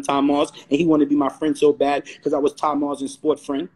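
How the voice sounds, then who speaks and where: A man's voice: a little high, completely flat delivery, normal speed, darkish tone, breathy edge. A man, ranting on a live stream and firing rhetorical questions. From Brooklyn, New York. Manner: combative, repeats rhetorical questions. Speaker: host. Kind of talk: heated live-stream rant. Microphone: phone or webcam on a live stream.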